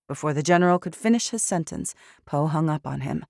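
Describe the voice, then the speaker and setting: Low-voiced woman narrating an audiobook. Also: creaky, dry recording. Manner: measured, steady storytelling. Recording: dry studio recording.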